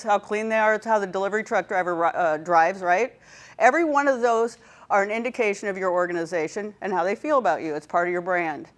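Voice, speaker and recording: A woman's voice: a little high, a bit bright. A woman leading a training workshop, telling stories and checking in with her audience. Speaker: workshop presenter.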